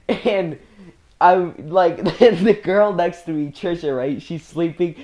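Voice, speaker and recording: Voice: medium pitch, takes it slowly, mellow. A young speaker telling a casual storytime, rambling with slang and frequent laughter. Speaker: storyteller vlogger.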